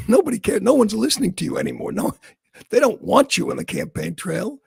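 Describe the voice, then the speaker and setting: A talk radio host runs his talk show with sarcastic, mocking political commentary, tossing in quick asides with laughs. His voice is high, sing-song, creaky and husky, recorded studio-quality with no echo.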